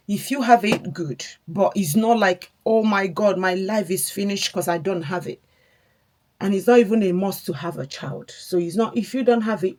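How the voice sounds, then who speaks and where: A woman's voice: on the low side, a little mellow. Candid young woman, rambling vlog chat. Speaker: vlogger. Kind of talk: casual get-ready-with-me storytelling.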